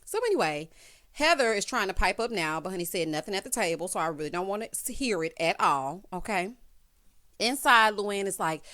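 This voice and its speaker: A woman hosting a casual recap of a reality show, sassy and animated, often calling viewers honey. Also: fairly low pitch, brisk.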